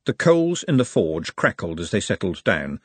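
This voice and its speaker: A man narrating a comic fantasy novel as an audiobook in a wry, even-paced reading. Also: sits low, moderate pace, slightly rough, no room sound. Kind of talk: scripted storybook narration.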